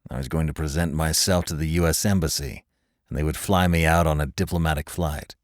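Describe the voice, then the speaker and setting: A captured male agent answers in a deep, strained voice full of bitter reluctance, voiced by a male narrator. His tone is low and clipped. The sound is dry and close. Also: steady tone, brisk, no echo. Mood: grudging.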